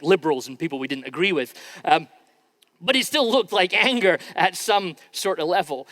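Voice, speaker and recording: A man's voice: high voice, a bit bright. A man preaching a sermon as pastor, in an informal, conversational way with frequent restarts. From Scotland. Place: church sanctuary. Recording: long reverb in a large church hall.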